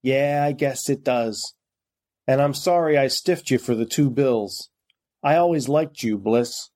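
A man's voice: mid-range voice, a little slow, a little mellow, natural voice. A man voicing a wounded, dying male debtor who squeezes his words out in a strained, apologetic way. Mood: rueful.

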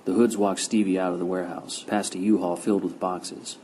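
A man narrating a first-person crime novel with steady, gritty storytelling. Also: deep voice, a little fast, few pauses, a little hiss or hum, poor audio. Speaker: audiobook narrator.

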